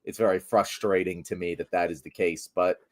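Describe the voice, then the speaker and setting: A man in casual political chat with a co-host, animated and sarcastic, swearing often. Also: low-pitched, a little fast. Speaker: political commentator.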